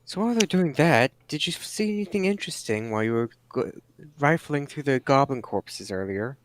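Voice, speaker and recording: A man's voice: mid-range voice, lively intonation, fairly quick, dry recording. A man playing in a tabletop game, asking polite, curious questions. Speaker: player. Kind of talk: casual tabletop role-play.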